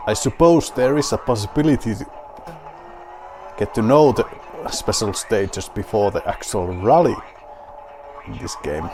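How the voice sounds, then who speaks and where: A man's voice: fairly low pitch, measured pace, long pauses, warm tone. A man with a Finnish accent playing a rally game and talking to himself, wry and mock-grand, with a beer at hand. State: drinking beer while playing. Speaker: gaming video host.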